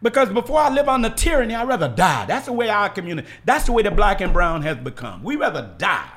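A man's voice: high voice, sing-song, fast, fairly bright tone. A man telling stories as a podcast guest, acting out quoted dialogue with emphatic, passionate delivery. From United States. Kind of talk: storytelling in casual conversation.

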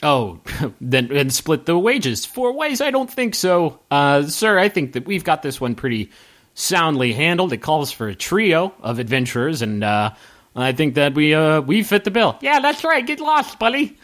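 A man playing a haughty high-voiced adventurer woman. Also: very animated, normal speed, a bit bright. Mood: dismissive. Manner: high-pitched, condescending.

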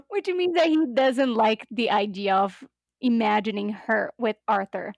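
A woman chats on a podcast in a slightly high voice, animated and giggly. She acts out the lines she quotes. The sound is close and dry. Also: a little slow, no echo. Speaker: podcast co-host. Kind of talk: casual chat.

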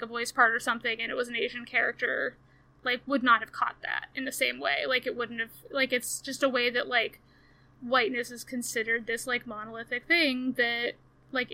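A woman with a high, bright voice talking casually with friends. She circles through her points with plenty of fillers. Her delivery stays conversational throughout. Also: gravelly. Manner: chatty, many fillers. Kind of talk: casual chat.

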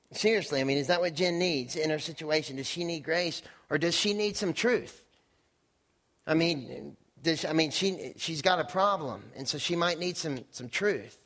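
A young man giving a relaxed, conversational sermon in a fairly high voice. He acts out quoted voices and pokes fun at himself as he demonstrates with props on stage. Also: normal speed. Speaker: pastor.

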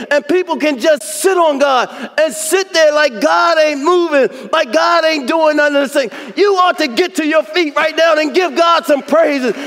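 A man preaching a fervent sermon, shouting and whooping praise to his congregation in a church sanctuary. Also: extremely high pitch. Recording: long reverb of a church sanctuary.

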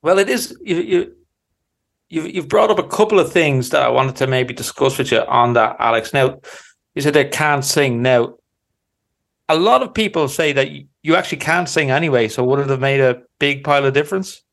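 A man's voice: medium pitch, expressive, normal speed, gravelly, a bit bright. A man hosting a comedy podcast in a playful, mock-earnest manner, teasing his guest. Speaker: podcast host.

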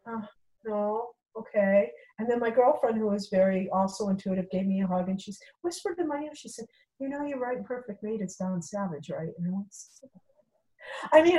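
A middle-aged woman telling a personal story in a casual way, animated and acting out quoted dialogue, with frequent fillers. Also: mid-range voice, low-quality recording.

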